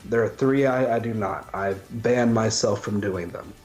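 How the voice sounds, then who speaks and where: A man co-hosting a casual chat show, talking slowly and haltingly, with many pauses and ums. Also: on the low side, darkish tone, soft background music. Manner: slow and halting, hesitant with ums. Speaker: podcast co-host.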